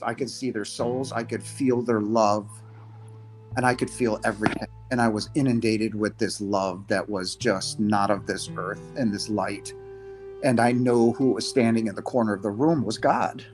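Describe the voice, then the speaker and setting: A man in his fifties, a podcast guest giving a halting, emotional personal testimony, his voice breaking at times. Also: lowish voice, steady tone, faint music behind. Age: 50s.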